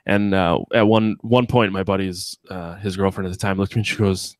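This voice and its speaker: A man from Wisconsin with a Wisconsin accent hosts a casual podcast chat. He talks in a low voice, full of profanity and rambling asides. The sound is dry and close. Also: steady tone, brisk, few pauses, no echo. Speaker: podcast host.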